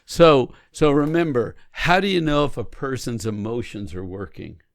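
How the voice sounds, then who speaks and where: A man co-hosting a podcast, talking casually and coaching through examples in an animated way. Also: medium pitch, normal speed, gravelly, no echo. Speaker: podcast co-host. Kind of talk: casual conversation on marriage.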